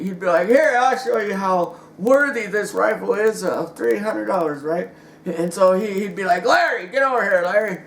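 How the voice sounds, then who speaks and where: High-voiced man rambling through a story. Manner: rambling, stumbling restarts, chuckling asides. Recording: roomy echo with faint ambient noise.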